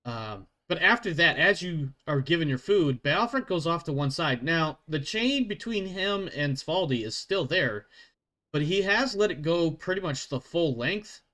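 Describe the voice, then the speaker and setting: A man's voice: fairly high pitch, expressive, unhurried, pushed and bright. A man narrating as game master in a casual, joking, profane way.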